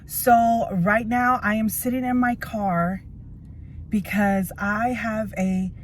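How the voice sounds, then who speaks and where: A woman's voice: mid-range voice, fairly even intonation, slow pace. Nervous woman vlogger, 30s, on the edge of tears in her car, rambling, faint hum behind. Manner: nervous, emotional, rambling with many fillers. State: teary, on the verge of crying. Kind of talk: tearful personal vlog. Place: inside a parked car.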